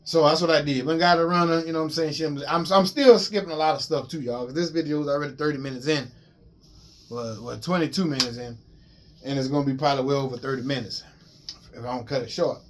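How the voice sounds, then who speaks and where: A man casually telling a long personal story to his viewers in an animated, profane way, with lots of repeats and restarts. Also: a little high, fast talker. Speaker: vlogger.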